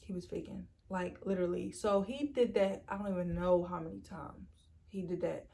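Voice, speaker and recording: A young woman telling a storytime vlog in a chatty, animated way, acting out quoted lines and leaning on "like" and "literally". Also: on the low side, normal speed, gravelly, slight background noise. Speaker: storytime vlogger. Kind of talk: casual storytime.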